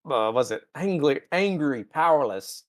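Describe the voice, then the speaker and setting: A man co-hosting a podcast, casually recapping a show and acting out the characters in quick voices. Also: a little high, lively intonation, no echo. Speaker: podcast co-host. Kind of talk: casual chat recapping an episode.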